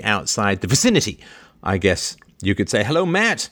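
A man hosting a livestream, chatting playfully, joking and laughing as he reads out viewer greetings. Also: a little slow. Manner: animated, jumps between high and low pitch. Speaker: host.

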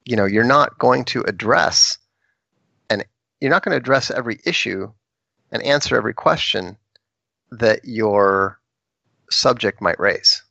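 A man speaking as a guest in a casual conversation, halting and repeating words before finding his footing. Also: fairly low pitch, gravelly, pushed and bright, no echo, muffled recording.

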